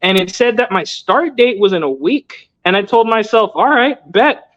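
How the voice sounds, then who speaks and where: A man's voice: high-pitched, expressive, moderate pace, a bit bright. A young man in his twenties, a guest telling his story in a casual interview, loose and earnest with lots of filler words. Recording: dull lo-fi audio.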